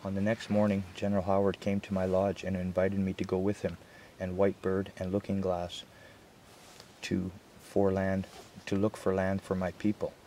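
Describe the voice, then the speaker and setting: Deep, flat-voiced male reader. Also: moderate pace, slight background noise. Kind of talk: reading a historical first-person account aloud.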